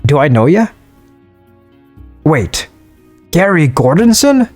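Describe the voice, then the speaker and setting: A man putting on a rough Scottish accent to voice a jovial, hearty dwarf miner from a fantasy game. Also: a little high, sing-song, takes it slowly, a little mellow, faint music behind, exaggerated voice. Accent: put-on Scottish. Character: gruff middle-aged male dwarf miner, jovial.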